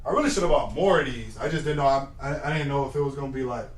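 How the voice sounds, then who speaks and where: A young man streaming live, who shouts football snap counts and mutters casual asides to himself. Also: medium pitch, rapid-fire. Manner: shouts football cadences between mumbled asides. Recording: echoey room, mic at a distance, faint noise.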